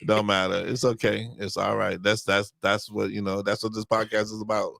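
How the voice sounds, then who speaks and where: A man's voice: fairly low pitch, level tone, normal speed, gravelly, fairly bright tone, dry recording, studio quality. A man co-hosting a marriage podcast in casual chat, easygoing, often stopping and restarting his sentences. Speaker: podcast co-host.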